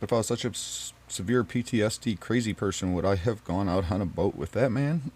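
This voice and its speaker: A man telling a personal story to camera in an emotional, emphatic and pleading way, swinging between loud and quiet. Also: lowish voice, a little fast, breathy edge.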